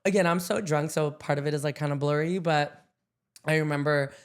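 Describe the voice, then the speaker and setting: A man's voice: on the high side, fairly even intonation, fairly quick, clean tone. Young man telling a story with lots of likes. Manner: chatty, filler-heavy, laughs often. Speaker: podcast co-host. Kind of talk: casual storytelling chat.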